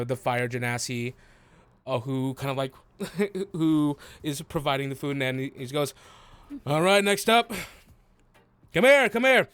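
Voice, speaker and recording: A man's voice: medium pitch, clear, resonant tone. A man narrating a tabletop role-playing game as game master, rambling and hesitant with many fillers.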